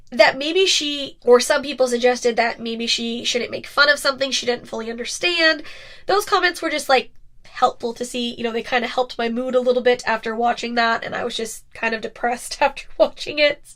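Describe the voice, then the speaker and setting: A woman's voice: a little high, a bit bright. A woman hosting her own podcast, chatting casually and filling her talk with frequent "like"s. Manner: chatty, many "like" fillers. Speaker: podcast host and ASMR creator.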